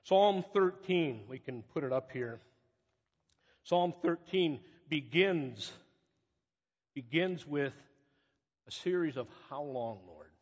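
A middle-aged man preaches in a church sanctuary, his fairly high voice swelling into emphatic cries and then falling back to quiet asides. The sound is slightly muffled, and a long reverb trails after him. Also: lively intonation, slow pace, long pauses, slightly rough. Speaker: pastor. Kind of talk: sermon.

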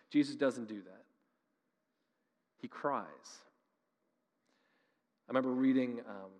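A man's voice: mid-range voice, a little mellow. Earnest male pastor preaching in a reverberant hall. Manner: earnest, conversational preaching with emphatic rises. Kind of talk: sermon.

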